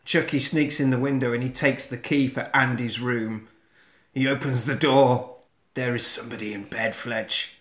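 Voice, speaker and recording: A man's voice: mid-range voice, steady tone, normal speed, a bit bright. A man casually recapping a horror film on a podcast, swearing a lot and acting out the scenes. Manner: sweary, acts out scenes in silly voices. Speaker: podcast host. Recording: echoey room.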